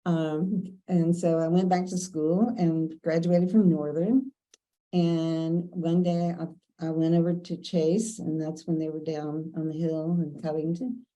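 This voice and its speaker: Older woman from Kentucky, dark voice. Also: sits low, flat delivery, measured pace, dull audio. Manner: chatty, anecdotal, quotes others in dialogue. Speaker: interviewee. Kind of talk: casual storytelling.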